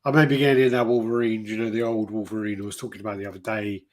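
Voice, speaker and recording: A man hosting a podcast, rambling through profane, casual stories with quick asides. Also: fairly low pitch, level tone. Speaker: podcast host. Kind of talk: casual chat.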